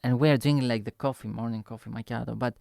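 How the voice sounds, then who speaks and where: A young man, telling a rambling, animated travel story on a vlog, full of filler words and sound effects. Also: medium pitch, fast, vocal fry, dry recording, clean studio sound. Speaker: vlogger. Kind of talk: casual storytelling chat.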